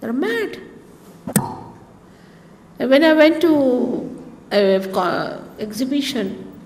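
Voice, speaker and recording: A woman's voice: lowish voice, darkish tone, big-room sound, a little hiss or hum. A woman from India with an Indian accent, a spiritual teacher giving a chatty talk to her followers, full of anecdotes and wry asides. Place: large hotel hall.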